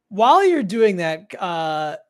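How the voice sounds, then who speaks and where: A man as game master, narrating a tabletop game slowly, with many pauses and fillers. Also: high voice.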